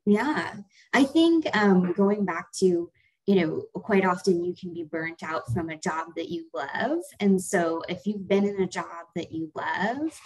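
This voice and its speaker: A woman with a fairly low voice co-hosts a relaxed conversation. She speaks reflectively and thinks aloud as she goes. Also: unhurried, husky, poor audio. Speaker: co-founder co-hosting a talk. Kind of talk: casual conversational talk.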